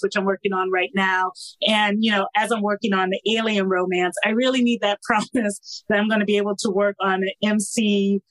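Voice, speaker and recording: A woman's voice: mid-range voice, fairly bright tone, no room sound, low-quality recording. Chatty woman author guest, laughs often, dry close sound. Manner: chatty, laughing, many fillers. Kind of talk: casual podcast interview.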